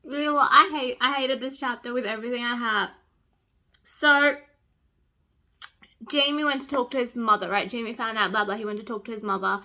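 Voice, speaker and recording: A young woman vlogging about a book she is reading, excitable and swearing freely, swinging between loud outbursts and soft whispers. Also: fairly high pitch, a little fast, pauses often. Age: young adult. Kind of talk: casual reading vlog.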